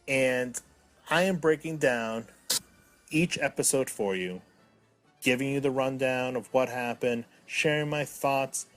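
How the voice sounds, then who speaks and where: A man's voice: medium pitch, a bit bright. A man in his thirties hosting a comedic solo podcast, talking with mock drama that swings from mopey to indignant. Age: 30s. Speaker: podcast host.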